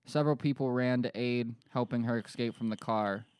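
Joking man from Pennsylvania, smooth voice. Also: medium pitch, fairly even intonation, fairly quick, darkish tone. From Pennsylvania, USA. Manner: joking, reads news aloud. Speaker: podcast co-host. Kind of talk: casual podcast chat.

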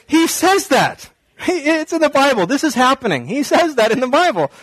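A male pastor giving a sermon, telling the story in an animated, joking way. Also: extremely high pitch, normal speed, no room sound, poor audio.

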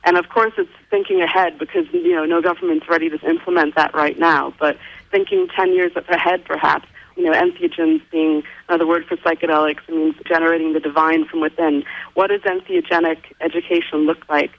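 A woman's voice: low-pitched, big pitch swings, fairly quick, gravelly, muffled recording. A woman speaking as a guest in a radio interview, talking in an earnest, reflective way.

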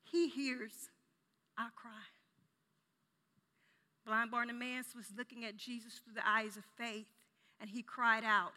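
A woman preaching a sermon with impassioned delivery, rising to near shouts and dropping to hushed tones. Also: a little high, fairly even intonation, takes it slowly, pauses often, long reverb tail. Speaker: children's ministry director giving a sermon.

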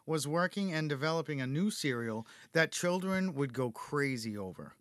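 A man hosting a chatty podcast, his voice a little high for a man, jokey and quick to laugh as he reads from his notes. The sound is dry and close, with no room around it. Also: lively intonation, a bit bright, dry recording. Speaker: podcast host. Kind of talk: casual podcast chat reading facts.

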